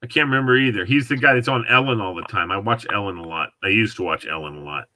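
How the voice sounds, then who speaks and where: A man hosting a relaxed conversation, his voice bright and sharp-edged. He rambles in a chatty way and lets sentences trail off. The sound is dry and close, with no room echo. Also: lowish voice, fast talker. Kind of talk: casual chat.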